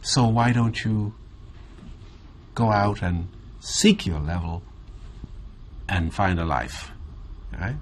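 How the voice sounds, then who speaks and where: A man from the Bahamas with a Caribbean accent, telling a reflective story in an interview in a measured, thoughtful way with drawn-out pauses. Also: sits low, animated, a little hiss or hum. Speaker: interview guest.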